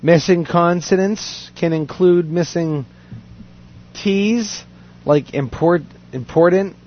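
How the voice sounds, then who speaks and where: Man reading a story aloud in a dull lo-fi recording. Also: sits high. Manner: reads aloud with fillers and quick asides. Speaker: podcast host reading a news story. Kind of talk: casual chat.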